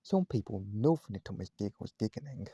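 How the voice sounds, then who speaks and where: A man reading a children's storybook aloud at home, gentle and speaking straight to his listeners. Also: lowish voice, big pitch swings, normal speed, breathy edge, no echo, clean studio sound. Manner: gentle, addresses listeners directly. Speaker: vlogger reading a bedtime story. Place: at home, indoors, cat on his knee.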